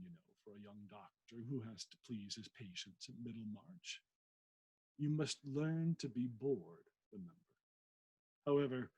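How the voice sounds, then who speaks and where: A man's voice: mid-range voice, a little mellow, breathy edge, rough recording. A man reading as a wry, teasing country vicar. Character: genial middle-aged male country vicar and naturalist.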